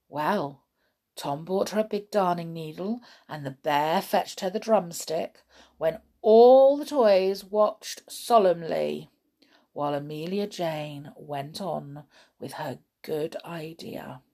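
A woman reading a children's story aloud in an expressive way. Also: low-pitched, slow pace.

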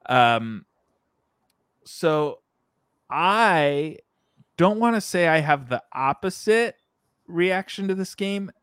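A man's voice: a little high, expressive, takes it slowly, long pauses, a bit bright, clean tone, no room sound, clean studio sound. A man co-hosting a podcast, chatting casually about video games, rambling with many fillers and self-corrections. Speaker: podcast co-host. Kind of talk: casual video game discussion.

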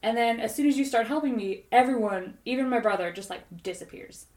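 A woman's voice: fairly high pitch, brisk. A woman co-hosting a podcast, animatedly retelling a dream in casual chat and leaning on "like" as she goes. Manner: rambling, animated storytelling full of "like". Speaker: podcast co-host. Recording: roomy echoey recording.

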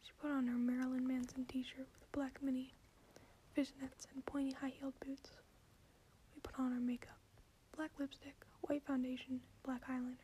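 Woman, soft unvoiced whisper, deadpan, whispered ASMR reading, high voice, faint background hiss. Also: normal speed.

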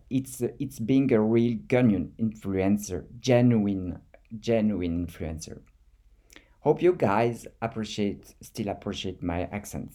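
A man with a French accent, an artist talking his thoughts through in a reflective monologue, halting and repeating words as he searches for them. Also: mid-range voice, warm tone. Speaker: artist vlogger.

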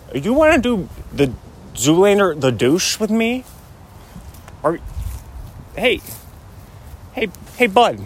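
A man's voice: high voice, a little hiss or hum, voice pushed up, heavily acted. A man putting on a laid-back celebrity impression, drawling and repeating "hey" and "dude".

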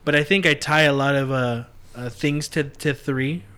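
A man's voice: mid-range voice, steady tone, normal speed, bright, forceful tone, smooth. A man hosting a casual podcast with friends, joking and laughing often. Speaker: podcast host. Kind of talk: casual chat.

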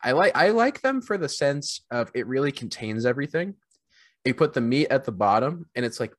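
A man's voice: medium pitch, no room sound. Man, co-host, casual podcast chat, rambling, self-deprecating, dry close sound.

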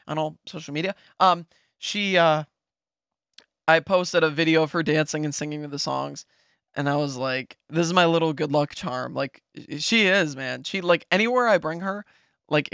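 Excited young man telling a story. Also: fairly high pitch, vocal fry, dry recording, clean studio sound. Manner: excited, fast-talking, lots of fillers and "right?". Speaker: podcast host. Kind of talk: casual storytelling.

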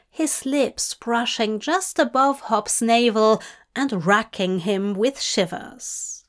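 Slow, intimate woman narrator. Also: fairly high pitch. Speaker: fanfic reader. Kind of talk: scripted audiobook narration.

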